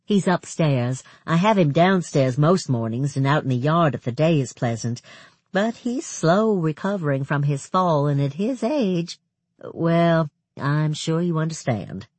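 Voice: mid-range voice, big pitch swings, darkish tone, no room sound. A reader doing a poised, knowing committee lady. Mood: concerned. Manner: measured, knowing. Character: poised, capable older woman, committee chair. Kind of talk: audiobook character voice.

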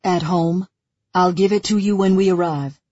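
A woman voicing a wealthy, composed older man who speaks slowly and drily, in an audiobook reading. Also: fairly low pitch, fairly even intonation, mellow, slightly rough, no echo, muffled recording. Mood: dry.

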